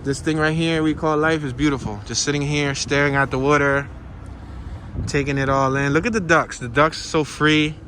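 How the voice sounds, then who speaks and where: A man's voice: on the high side, fairly even intonation, normal speed, a bit bright, a little hiss or hum. A man vlogging casually on a walking tour outdoors by a pond, playful and slangy as he jokes around. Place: outdoors by a pond in cold weather.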